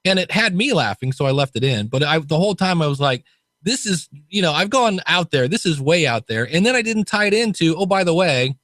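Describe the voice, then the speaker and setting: A man's voice: a little high, big pitch swings, a little fast, a bit bright, dry recording. A man hosting a podcast, chatting casually and animatedly, laughing easily at himself. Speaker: podcast coach host.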